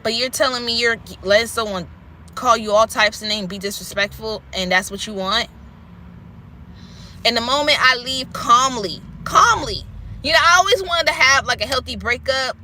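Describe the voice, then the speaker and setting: Bright-voiced woman ranting candidly. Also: a little high, normal speed, slight background noise. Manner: candid, rambling, swears freely. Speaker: vlogger. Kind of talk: unscripted rant to camera.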